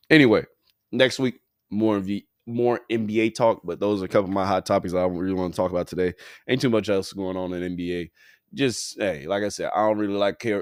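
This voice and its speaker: A man with a low voice hosts a laid-back sports podcast, sounding a little tired as he rambles in a slangy, profane way. He is recorded dry and close on the mic. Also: no room sound. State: tired, yawning. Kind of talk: casual sports talk.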